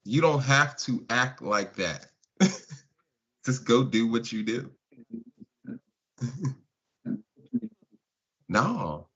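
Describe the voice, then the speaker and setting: A man's voice: medium pitch, sing-song, drawn-out words, pauses often, pushed and bright. A man hosting a live stream, talking casually and mocking his chat with laughs. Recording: dull lo-fi stream audio.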